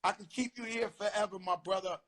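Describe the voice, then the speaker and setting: A middle-aged man hosting an interview, telling animated stories full of street slang. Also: high-pitched, brisk. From the Bronx, New York. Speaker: host. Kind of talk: casual interview chat.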